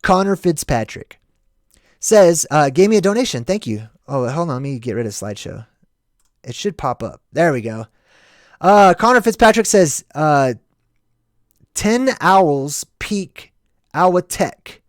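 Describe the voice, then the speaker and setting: A man's voice: fairly high pitch, sing-song, normal speed, no room sound, studio quality. An American man hosting a casual livestream, rambling and reflective, often checking in with "right?". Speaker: livestream host.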